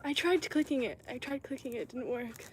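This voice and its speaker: A woman's voice: high voice, brisk, background noise. A woman in her twenties chatting casually on a pottery livestream, thanking viewers as she works. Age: 20s.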